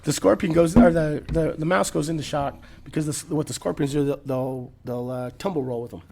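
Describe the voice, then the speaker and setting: Fast-talking rambling man. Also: fairly high pitch, fairly even intonation, gravelly, warm tone, a little hiss or hum. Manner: rambling, laughing, frequent restarts. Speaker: podcast guest telling stories. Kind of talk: casual storytelling.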